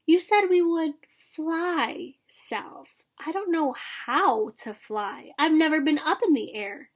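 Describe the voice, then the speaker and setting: A woman's voice: sits high, lively intonation, takes it slowly, voice pushed up. A woman voicing a young male swan chick who asks anxious questions in a storybook read-aloud. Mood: worried.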